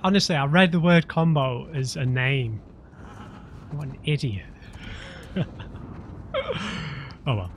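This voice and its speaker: A man's voice: mid-range voice, expressive, slow pace, pauses often, background noise. A man hosting a let's play, chatting casually and poking fun at himself while he plays. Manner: self-deprecating, chatty. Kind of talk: casual gameplay commentary.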